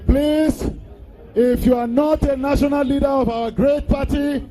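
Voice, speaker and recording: A man's voice: very high-pitched, fairly even intonation, measured pace, warm tone. A man speaking from the podium of an outdoor political rally, making formal, polite requests. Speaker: party official on the podium.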